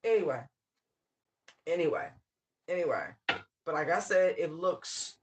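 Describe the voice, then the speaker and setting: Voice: mid-range voice, lively intonation, measured pace, long pauses, a little hiss or hum. Tarot reader, casual spiritual reading, blunt, profane, wry asides, laughs mid-sentence.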